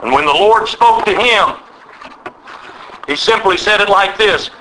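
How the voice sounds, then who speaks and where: Preacher, male, high and piercing, animated sermon delivery with call and response. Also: measured pace, slight background noise, rough recording. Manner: animated preaching, acting out voices of God and Bible figures; leads the audience in call and response.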